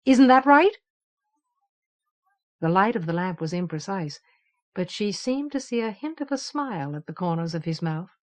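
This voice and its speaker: A woman narrating a fantasy novel in a steady, even storytelling manner. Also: on the low side, fairly quick. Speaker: audiobook narrator. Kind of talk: scripted narration.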